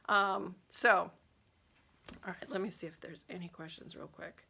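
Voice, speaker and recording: A woman's voice: fairly low pitch, steady tone, unhurried, creaky, bright, forceful tone, slight background noise. A woman hosting a casual nail care livestream, chatting loosely and reading out viewer questions with many fillers and restarts.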